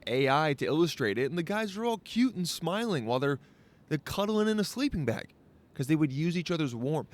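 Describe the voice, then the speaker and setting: A man's voice: fairly high pitch, darkish tone. A man hosting his own show, talking outdoors in a rambling, jokey, self-interrupting monologue. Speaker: podcast host. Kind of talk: casual vlog monologue.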